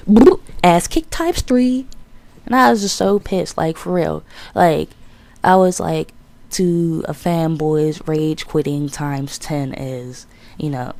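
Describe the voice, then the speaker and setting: A woman in her twenties tells a childhood gaming story in a loose, swearing, animated vlog voice. Her pitch sits a little low for a woman, and she acts out the lines she quotes. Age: 20s. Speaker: YouTube gaming commentator.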